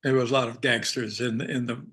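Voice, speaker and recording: An older man from Arkansas, an actor guest telling anecdotes in a meandering, halting way and chuckling often. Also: medium pitch, steady tone, a bit bright, slightly rough. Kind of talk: casual anecdotal storytelling.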